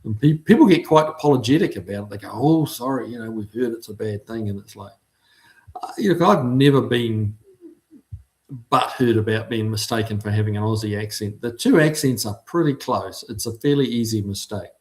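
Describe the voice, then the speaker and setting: This middle-aged New Zealand man, speaking with his native accent, reads out chat comments during a casual livestream. His voice is on the low side and darkish, his pace brisk, and he's laid-back with plenty of ums.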